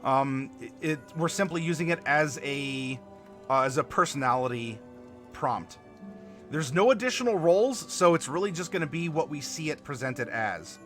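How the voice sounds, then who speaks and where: A man hosting a live tabletop worldbuilding stream, chatting to viewers and halting over fillers as he spells out dice commands. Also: fairly high pitch, animated, a bit bright, soft background music. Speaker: game master and stream host.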